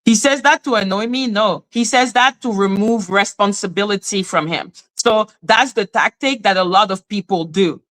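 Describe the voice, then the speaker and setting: A Canadian woman on a live stream, ranting emphatically in casual talk, swearing and mimicking other people in high voices. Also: moderate pace, hardly any pauses, fairly bright tone. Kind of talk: heated casual rant.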